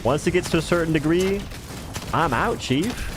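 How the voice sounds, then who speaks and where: A man's voice: fairly high pitch, moderate pace, background noise. A man streaming a game live, rambling and joking in casual chatter as he answers viewers' chat.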